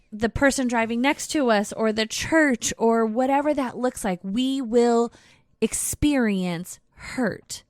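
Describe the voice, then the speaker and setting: A woman's voice: a little high, no room sound. Earnest woman podcast co-host, dry close mic. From Southern California. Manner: earnest, encouraging, slows down on key words. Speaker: podcast co-host, ministry leader. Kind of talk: casual podcast conversation.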